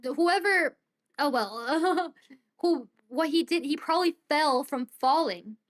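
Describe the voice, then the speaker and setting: Excitable female streamer commentating a game, high voice. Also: slow. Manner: excitable, reacting aloud. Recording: streamed voice over game music.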